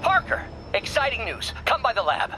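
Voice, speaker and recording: An actor playing an excitable, pushy older male scientist who talks insistently. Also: very high-pitched, normal speed, music in the background. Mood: excited. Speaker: doctor, scientist.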